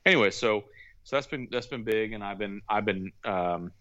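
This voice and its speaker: A man with a low voice chats casually, stopping and restarting his sentences often. The recording sounds a bit dull and lo-fi. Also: fairly bright tone. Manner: halting, many fillers and restarts. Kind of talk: casual chat.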